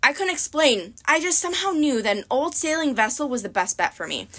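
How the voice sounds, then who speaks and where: A woman narrating an audiobook in a lively, bright voice. Her pitch sits a little high and moves a lot, giving the reading plenty of swing. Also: fairly quick. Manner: expressive. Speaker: audiobook reader.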